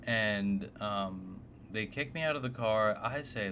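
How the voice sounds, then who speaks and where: A man's voice: fairly low pitch, slow. A man casually narrating a personal story, blunt and swearing often, with a faintly noisy background. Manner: blunt, profane, exasperated.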